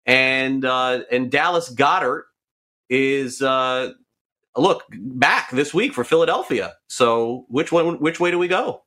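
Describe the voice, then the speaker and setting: A man hosting a casual sports talk segment, briskly running through players and their prices. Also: medium pitch, sharp tone. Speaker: sports show host.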